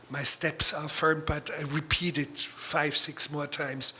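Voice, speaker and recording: German-accented man as guest speaker, unhurried and flat delivery, bright tone, deliberate pauses. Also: fairly high pitch, a little hiss or hum. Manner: measured, deliberate speech with pauses and fillers. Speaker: guest author. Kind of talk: public talk and reading.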